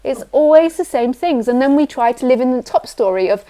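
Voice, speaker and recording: A woman's voice: high voice, brisk, hardly any pauses, warm tone. A woman speaking as a spiritual teacher in a casual video call, chatty and laughing often, swearing freely and acting out quotes. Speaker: spiritual teacher, host of live broadcast. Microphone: computer mic on a video call.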